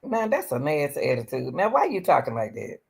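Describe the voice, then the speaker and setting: A woman's voice: low voice, very animated, a little fast, vocal fry, a little mellow. A woman hosting a reaction stream, pleading and preaching as she comments on a video, often calling out to the Lord.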